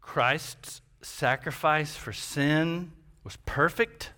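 A man's voice: a little high, extremely slow, bright, forceful tone. A man preaching a sermon as pastor, emphatic, with rhetorical questions and repetition.

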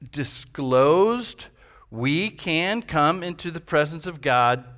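A man's voice: mid-range voice, fairly bright tone. A man preaching a sermon as pastor, emphatic, with rhetorical questions and repetition.

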